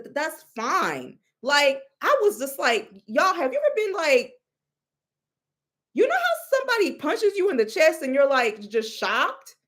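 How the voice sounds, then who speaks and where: A young woman telling a story in a casual, expressive way, exclaiming and mimicking others, with many restarts. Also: very high-pitched. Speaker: storyteller recounting a reading.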